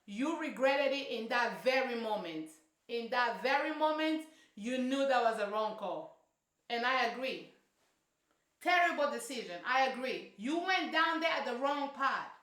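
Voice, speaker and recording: Sassy high-voiced woman in a roomy echo. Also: expressive, unhurried, a bit bright. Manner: sassy, emphatic, slangy. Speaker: reality show reviewer. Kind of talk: casual reaction commentary.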